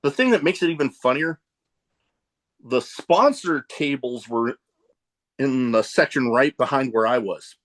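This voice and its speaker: Brief: male podcast host, casual and jokey, lots of pitch movement, prone to tangents. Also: animated, a little slow, pauses often. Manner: loose and joking, drifts into tangents. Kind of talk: casual interview chat.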